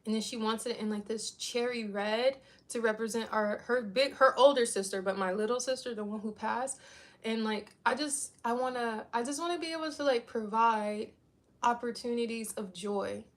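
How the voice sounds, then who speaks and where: A woman's voice: a little high, fairly even intonation, normal speed. A woman in her thirties chatting casually to her viewers, rambling and saying "like" a lot. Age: 30s. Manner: rambling, heavy use of "like". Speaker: vlogger.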